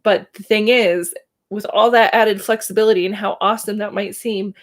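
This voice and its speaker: A woman in her thirties talks openly and emotionally on a casual livestream, laughing now and then between thoughts. Her voice sits at an everyday middle pitch. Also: steady tone, moderate pace. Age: 30s. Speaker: livestream host. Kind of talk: casual personal storytelling.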